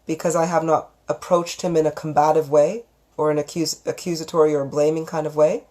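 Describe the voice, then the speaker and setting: A woman with a low-pitched voice speaks a little fast while hosting her own live psychic stream. Calm, gentle, and affectionate, she reads out viewers' comments and counsels them on relationships.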